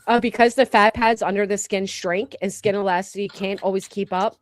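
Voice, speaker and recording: A woman's voice: medium pitch, steady tone, brisk, dry recording. A woman co-hosting a casual gossip livestream, blunt and profane, reading viewer comments aloud. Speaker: livestream co-host.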